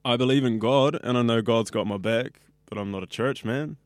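A man's voice: medium pitch, a little fast, no echo, studio quality. A 21-year-old man with a New Zealand accent, a radio student chatting casually in an interview, rambling and full of fillers. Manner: chatty, rambling, says like a lot.

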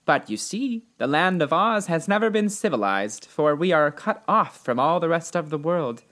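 Guy doing a sweet calm little old witch lady, higher voice, storybook reading. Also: normal speed. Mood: kindly. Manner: calm, gently reassuring. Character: small kindly old woman, a good witch.

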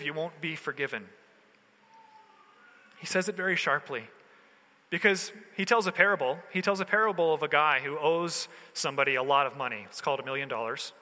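A man preaching in a relaxed, chatty way, mixing slang into his sermon. His voice is fairly high and very bright and forceful. It rings out with a long hall reverb. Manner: casual, conversational preaching with slang. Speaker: pastor.

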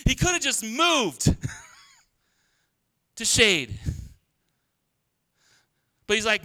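A pastor preaching a sermon in a humorous, conversational way, laughing often. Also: male voice, very high-pitched, sing-song, extremely slow, long pauses, pushed and bright. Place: church.

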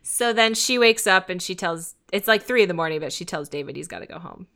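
Woman podcast co-host with a bright, forceful voice, chatty episode-recap delivery. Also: on the low side, fairly quick. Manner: chatty, retells scenes with animated quoted lines. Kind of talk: casual TV episode recap chat.

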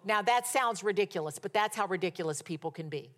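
A woman's voice: medium pitch, animated, quick pace, a bit bright. A middle-aged woman delivers a sermon in a storytelling way. She is emphatic and exhorting, and she drives her points home through repetition. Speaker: preacher.

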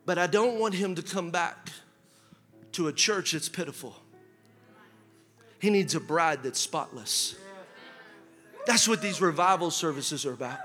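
A man preaching a sermon as pastor, asking rhetorical questions and building to shouted emphasis. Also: a little high, animated, a little slow, long pauses, in a large hall, faint music behind.

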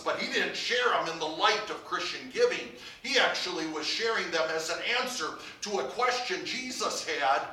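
A man's voice: fairly high pitch, pushed and bright. A male pastor preaching a sermon, asking the congregation one rhetorical question after another. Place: church sanctuary. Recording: echoey church heard from far off.

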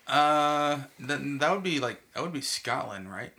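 A man's voice: on the high side, animated, a little slow, pushed and bright. A man from Texas chatting casually on a podcast, rambling with lots of restarts and filler words. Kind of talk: casual chat.

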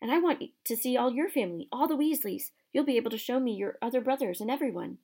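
A woman reading aloud, voicing an earnest young boy wizard who talks in a hushed, urgent way. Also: fairly high pitch, animated, fast, voice pushed up. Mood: eager.

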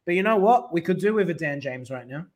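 A man hosting a casual football fan podcast, jokey and animated, reading out listeners' picks by name. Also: fairly high pitch, fast talker. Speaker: podcast host.

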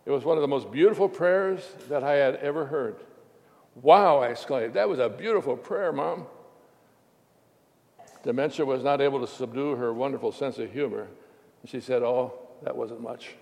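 Gravelly-voiced man preaching in a hall. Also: medium pitch, brisk, a little mellow. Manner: reflective, heartfelt storytelling. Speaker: pastor. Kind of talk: sermon. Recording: long hall reverb.

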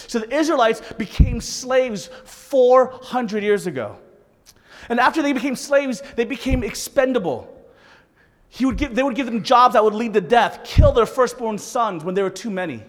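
Lively high-voiced male preacher in a hall. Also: normal speed. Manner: animated, joking asides to the congregation. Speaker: pastor. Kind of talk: sermon. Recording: reverberant hall.

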